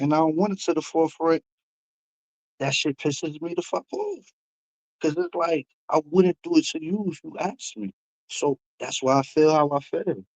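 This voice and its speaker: A man's voice: fairly high pitch, a little mellow, rough recording. Frustrated New York man ranting on stream. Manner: frustrated, blunt, profane. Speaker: livestream host. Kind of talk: heated livestream rant.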